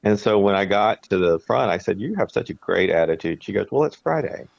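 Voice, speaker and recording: Deep-voiced man, earnest and reflective. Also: fairly quick, creaky, no echo. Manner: earnest, reflective, with frequent restarts. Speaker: podcast co-host. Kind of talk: casual chat. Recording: dry, dull lo-fi sound.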